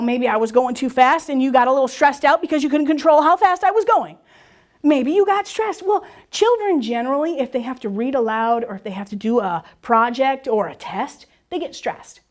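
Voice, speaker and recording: A woman leading a workshop for teachers, explaining reading rules step by step with quick questions and answers. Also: fairly high pitch. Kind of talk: presentation to teachers and parents.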